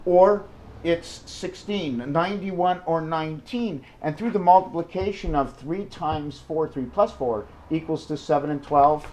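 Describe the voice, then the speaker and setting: A man in a rambling monologue, jumping excitedly between numbers and firing off rhetorical questions. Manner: wide swings in pitch and loudness. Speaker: numerology video maker.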